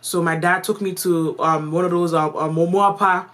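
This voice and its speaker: Brief: woman vlogger from Canada, casual slangy storytelling, lower pitched. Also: fairly even intonation, moderate pace, fairly bright tone. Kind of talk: storytime vlog.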